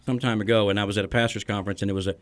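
A man's voice: on the low side, fairly even intonation, rapid-fire. A middle-aged man, a pastor hosting a podcast, who teaches in an earnest, storytelling way and chuckles between points.

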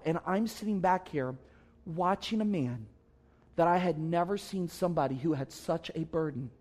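A male pastor preaching in a slightly raised, bright-edged register. He tells a personal story earnestly and conversationally, pressing his points home with emphatic asides to the congregation. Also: high-pitched. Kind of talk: sermon storytelling.

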